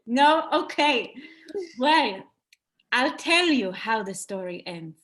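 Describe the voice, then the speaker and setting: A woman telling a children's story to an audience on a video call, expressive and engaging. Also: fairly high pitch, slow.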